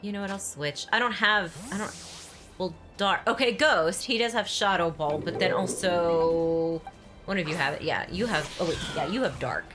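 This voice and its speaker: A woman's voice: lowish voice, lively intonation, normal speed. A woman chatting casually while playing a video game, thinking aloud and giggling. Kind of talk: casual gameplay chat. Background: game music.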